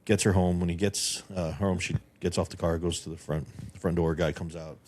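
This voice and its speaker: Deep-voiced, fast-talking middle-aged man. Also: breathy edge. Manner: profane, animated storyteller. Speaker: podcast guest, filmmaker. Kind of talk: casual chat and storytelling.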